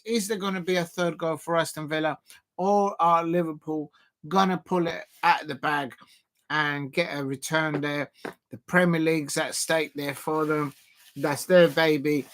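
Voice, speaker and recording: Man, football watch-along host, high voice, rambling live commentary, shouts at big chances. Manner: excitable, rising to shouts at big moments, rambling with fillers. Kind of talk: live match commentary and chat.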